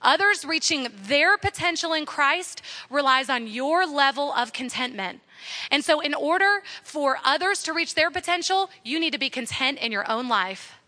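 A woman's voice: sits high, expressive, normal speed, pushed and bright. A young woman giving an earnest sermon to women, urging and repeating her key points. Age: young adult. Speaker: women's ministry speaker.

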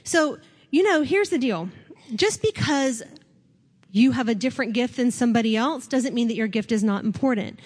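A woman's voice: a little high, expressive, normal speed, husky. Conversational woman pastor preaching. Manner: conversational, laughs often, acts out quoted speakers. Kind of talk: sermon.

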